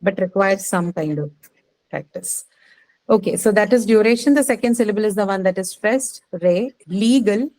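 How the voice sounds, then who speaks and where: A woman teaching word stress to a class, repeating each word slowly and quizzing her students patiently. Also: mid-range voice, darkish tone, dry recording, poor audio. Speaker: English teacher.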